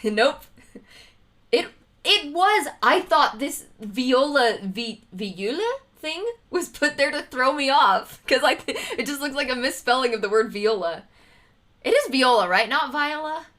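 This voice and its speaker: A woman streamer talks her way through trivia questions in a casual livestream chat, laughing often and greeting her viewers. Her fairly high voice swoops and bounces with lots of expression. Her tone is bright and sharp. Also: animated, unhurried.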